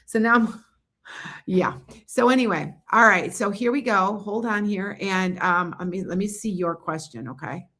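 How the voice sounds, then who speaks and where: A woman's voice: medium pitch, normal speed, a bit bright. A woman giving psychic readings on a casual livestream, chatting loosely and often losing her train of thought. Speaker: psychic reader.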